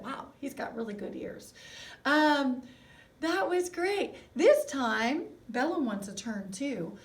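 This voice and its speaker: A woman's voice: high voice, big pitch swings, far from the mic. A woman music teacher giving a recorded video lesson to young children, talking in an encouraging way and asking them lots of questions. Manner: slow, encouraging, asks children many questions.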